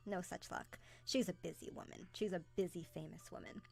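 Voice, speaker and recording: A young adult woman hosting a casual live stream, chatty and excitable, greeting viewers by name as she talks. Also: lowish voice, brisk, vocal fry, breathy edge, faint music behind.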